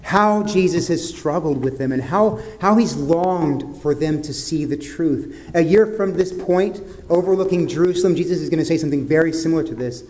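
A man preaching a sermon as pastor, in an earnest way that drops to soft, grave tones. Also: a little high, normal speed, few pauses.

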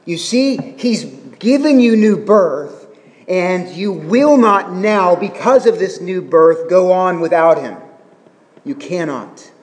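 A man's voice: a little high, in a large hall. A middle-aged man preaching a sermon, earnest and explanatory, with humorous asides about his family. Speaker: pastor.

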